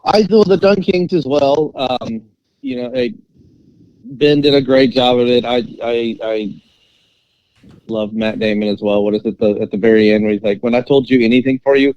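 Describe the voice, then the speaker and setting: A man co-hosting a sports podcast, animated and storytelling, with plenty of fillers and laughs. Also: mid-range voice, moderate pace, dry recording. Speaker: podcast co-host. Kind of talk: casual sports podcast chat. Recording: dry, slightly dull mic.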